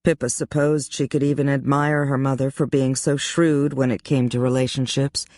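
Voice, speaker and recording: An audiobook narrator reads a romance in an even, measured way at a middle pitch. The recording is close and dry, with no room sound. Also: no room sound.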